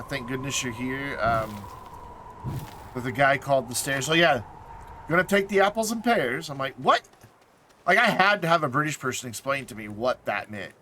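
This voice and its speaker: A man's voice: medium pitch, slight background noise. A man chatting casually while he streams a game live, rambling and amused, with lots of fillers and restarts. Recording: loud game sound under the voice.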